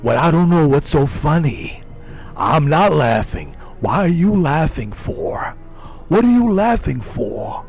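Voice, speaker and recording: A man doing an impression of a boastful, macho older ex-governor who brags slowly and taunts his listener. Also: fairly high pitch, gravelly, darkish tone, exaggerated voice. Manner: slow, swaggering macho bragging.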